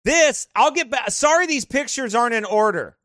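Very high bright-voiced guy, animated, laughing a lot while telling stories about his photos. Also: normal speed, no room sound, clean studio sound. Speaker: vlogger showing travel photos. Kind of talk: casual storytelling.

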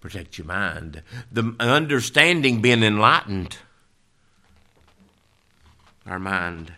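Low-voiced, bright-toned male preacher. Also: animated, slow pace. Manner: emphatic, rising to loud declarations then dropping low. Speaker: pastor. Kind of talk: sermon.

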